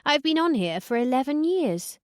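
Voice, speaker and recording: A woman's voice: high voice, big pitch swings, moderate pace, no echo, pitched above the performer's own voice. A woman voicing a blunt, foul-mouthed older woman who lives on a cruise ship, trading dry, crude put-downs in an audiobook. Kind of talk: audiobook dialogue.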